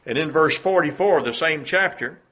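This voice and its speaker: A man preaching a sermon in a measured way, reading scripture aloud and pausing now and then. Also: fairly high pitch, pushed and bright, breathy edge.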